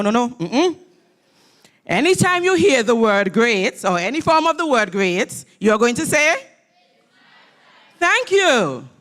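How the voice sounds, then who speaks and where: In a church hall at a graduation ceremony, a woman with a slightly bright voice on the high side delivers a motivational address. She speaks emphatically and leads her audience in call-and-response.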